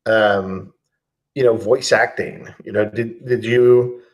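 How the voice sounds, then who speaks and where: A man's voice: fairly low pitch, fairly even intonation, slow pace, lo-fi sound. Joking, rambling male interview host. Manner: rambling, joking questions, restarts. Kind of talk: casual interview chat.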